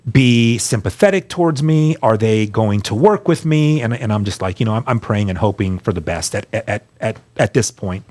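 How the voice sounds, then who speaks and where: A middle-aged man earnestly telling his life story as a guest, stumbling over repeated words and acting out what others said. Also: lowish voice. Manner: earnest, repeats words when emotional, acts out quoted voices. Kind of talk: conversational storytelling on a radio show.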